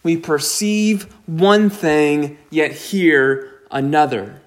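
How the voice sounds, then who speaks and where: A man preaching a sermon, slow and deliberate, with emphatic rises on key points. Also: a little high, fairly even intonation. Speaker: pastor.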